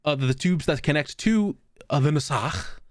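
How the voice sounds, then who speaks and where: A man telling a comic story with a lively, swinging delivery and a fairly high voice. He curses freely and laughs along with his own tale. The sound is dry and close. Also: normal speed, dry recording. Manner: animated, profane, laughing while telling the story. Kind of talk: comedic storytelling chat.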